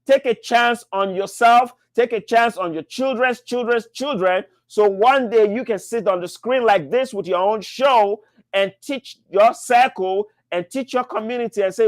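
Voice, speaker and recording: High-voiced man giving a pushy pitch. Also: a little slow, no echo, studio quality. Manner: emphatic, repetitive, pushy motivational selling. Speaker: business mentor hosting a live show. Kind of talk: live-stream Q&A sales pitch.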